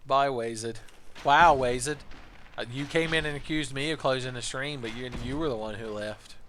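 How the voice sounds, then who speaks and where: A man rambles through live game commentary, cracking jokes and swearing freely. His voice sits at a mid-range pitch and his delivery stays loose and offhand. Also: moderate pace, fairly bright tone, a little hiss or hum. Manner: rambling, joking, profane. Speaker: game streamer. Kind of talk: casual live-stream commentary.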